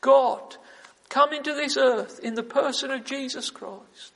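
A fervent male preacher with a very high, gravelly voice, repeating his phrases and breaking into impassioned "oh"s. His sermon rings with the long reverb of a large church hall. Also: unhurried. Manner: fervent, repetitive, with emphatic "oh" exclamations.

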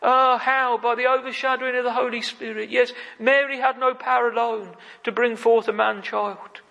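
A man's voice: very high-pitched, fairly even intonation, moderate pace, creaky, bright, forceful tone. A man preaching a fervent sermon, repeating phrases and calling out "oh, friends". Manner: fervent, repetitive, frequent "oh, friends". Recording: long hall reverb.

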